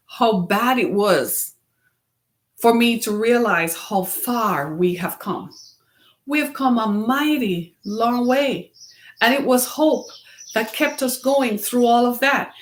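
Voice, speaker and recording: Earnest woman host, preacher-like. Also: fairly high pitch. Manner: earnest, preacher-like, asks the listener questions. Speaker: web series host. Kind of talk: motivational talk to camera.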